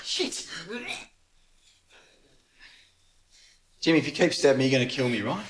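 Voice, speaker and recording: A man's voice: mid-range voice, expressive, rapid-fire, close to an everyday voice. An actor as a cocky Australian prison hardman. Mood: strained. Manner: mocking, sarcastic. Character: cocky menacing male prison criminal. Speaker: film character. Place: prison film scene.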